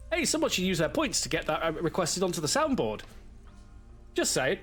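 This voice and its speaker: A man's voice: on the high side, wildly swooping pitch, brisk, fairly bright tone, faint music behind. A man chatting casually to his live-stream audience while playing a game, rambling and swearing a little, stuffy from a cold.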